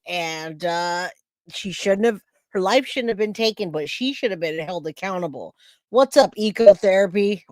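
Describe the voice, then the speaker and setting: A woman's voice: mid-range voice, darkish tone, dry recording. A woman from California hosting a casual live stream, chatting to her viewers by name and commenting on a case. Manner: chatty, talks to chat by name. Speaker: true crime streamer host.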